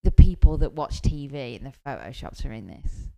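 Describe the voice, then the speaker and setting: Woman co-host, low voice with lively swings, chatty explainer. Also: normal speed, creaky, slight background noise. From England, north. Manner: explains British things chattily. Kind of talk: casual podcast chat.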